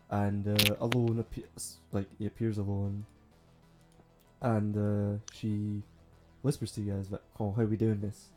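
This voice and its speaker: A man, narrating as game master with rough, swearing banter and frequent laughs. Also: on the low side, dark tone. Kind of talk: narrating a tabletop role-playing game.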